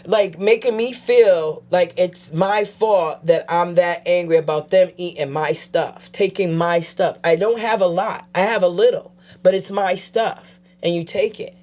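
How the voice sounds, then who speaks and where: A woman guest telling her personal story in a casual interview, animatedly acting out other people's voices and dropping quiet when she turns serious. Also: lowish voice, unhurried, few pauses. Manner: animated, acts out quoted voices. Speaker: guest, advocate.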